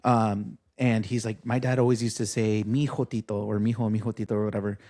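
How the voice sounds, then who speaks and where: A man in casual podcast chat, telling stories with crude humor and halting restarts. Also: fairly low pitch, steady tone, mellow.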